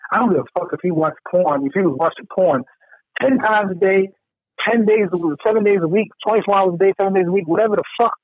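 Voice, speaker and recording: A man's voice: high voice, fast talker, slightly rough, no echo, phone-quality sound. A man in casual podcast chat, ranting with heated, profane outrage.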